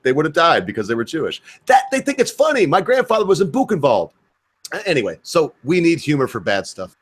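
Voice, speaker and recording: A man's voice: medium pitch, fairly bright tone. Rambling, swearing male livestream host. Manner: rambling, swears, acts out quoted voices. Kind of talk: casual livestream chat.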